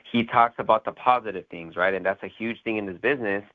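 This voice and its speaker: Brief: male host, deep-ish voice, rambling pep-talk style, tinny phone line. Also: moderate pace. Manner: rambling, many fillers and "right?" tags. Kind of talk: motivational sales call interview.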